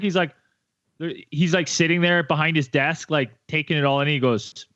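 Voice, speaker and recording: A fairly high-voiced man who chats with loose, profane energy and breaks into silly impressions as he tells a story. His voice comes through a muffled, lo-fi recording. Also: moderate pace. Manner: animated, profane, acts out scenes in silly voices. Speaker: podcast co-host. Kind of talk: casual chat.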